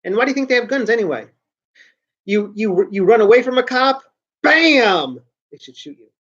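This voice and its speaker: A man's voice: very high voice, lively intonation, moderate pace, fairly bright tone, muffled recording. A man hosting a show, giving a brash, blunt ranting commentary full of swearing. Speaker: show host.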